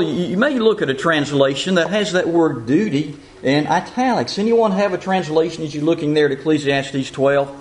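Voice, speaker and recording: A male preacher with a somewhat high-pitched voice delivers an earnest sermon. He teaches in an even tone, asks rhetorical questions and slows to read scripture aloud. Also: poor audio.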